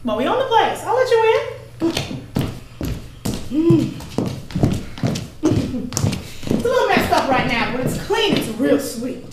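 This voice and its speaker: A woman's voice: high voice, big pitch swings, slow pace, long pauses, far from the mic, heavy background noise, heavily acted. An actress playing a friendly, nosy neighbor woman in a stage play, talking in a chatty, folksy way. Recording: very echoey stage sound.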